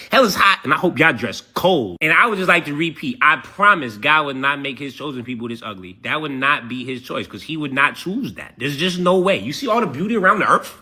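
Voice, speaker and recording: Husky, mocking man reacting with slang. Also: fairly high pitch, pushed and bright. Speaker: commentator. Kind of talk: profane reaction commentary.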